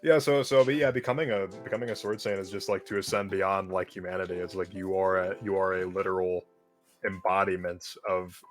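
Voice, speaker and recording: A man's voice: low-pitched, flat delivery, a little fast, soft background music. A man with a Midwestern American accent chatting casually and laughing easily. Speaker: stream guest. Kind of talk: casual chat.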